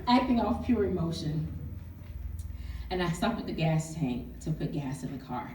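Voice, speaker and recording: A woman's voice: low-pitched, very animated, normal speed, crowd noise. A woman, telling a candid, humorous story to a live audience at a book event. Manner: candid, humorous, testifying, calls for audience response. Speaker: author and speaker. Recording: echoey hall, distant mic, audience.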